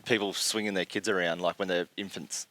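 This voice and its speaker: A man's voice: deep voice, steady tone, brisk, sharp tone, no echo, rough recording. An Australian man co-hosting a podcast, talking in a laid-back, slangy, joking way. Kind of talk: casual podcast chat.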